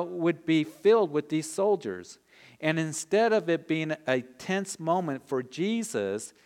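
A man preaching an expository sermon, conversational and earnest, acting out quoted lines of dialogue. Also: medium pitch. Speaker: pastor. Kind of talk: expository Bible teaching.

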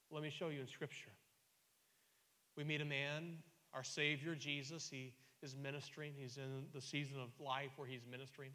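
A male pastor delivering a sermon, repeating key lines and building to loud emphatic peaks. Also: medium pitch, in a large hall.

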